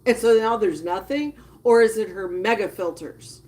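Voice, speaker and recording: A woman giving casual live-stream commentary, chatting with viewers and reacting with drawn-out disgust. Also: medium pitch, darkish tone. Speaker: livestreamer.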